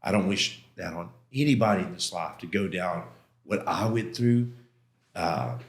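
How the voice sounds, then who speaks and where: A middle-aged man, a podcast guest, telling his life story in an animated, casual way, often calling the host "man" and acting out what others said. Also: deep voice, unhurried. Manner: animated, acts out quoted voices, frequent "man". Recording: roomy studio echo.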